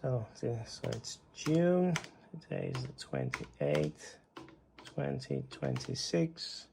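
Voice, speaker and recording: A man's voice: medium pitch, huge pitch swings, slow, creaky, background noise. A man with a Greek accent giving a live computer demo presentation, narrating his actions as he types and chuckling.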